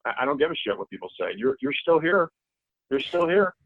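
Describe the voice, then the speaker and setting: A man's voice: on the high side, sing-song, brisk, dry recording. A middle-aged man as a podcast guest in casual interview chat, swearing freely and repeating himself as he talks. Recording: tinny phone-like line, dry.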